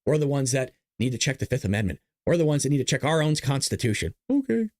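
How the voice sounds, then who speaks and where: A man's voice: medium pitch, very animated, fast, darkish tone. A man hosting a live-streamed political commentary show, ranting sarcastically and answering viewer chat. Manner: sarcastic, ranting, mocks opponents.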